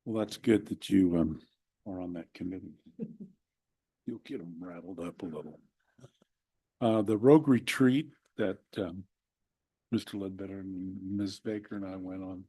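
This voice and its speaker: Man, councilman, husky low mellow voice, halting, folksy, desk mic. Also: no room sound, low-quality recording. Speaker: city councilman. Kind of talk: council meeting report. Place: council chamber.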